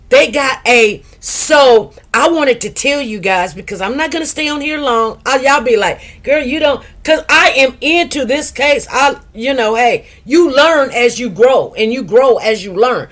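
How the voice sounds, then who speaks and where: A woman's voice: high voice, animated, unhurried, a bit bright. Chatty middle-aged woman hosting a livestream. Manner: chatty, greets viewers by name, drawls some words. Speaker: livestream host. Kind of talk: casual livestream chat.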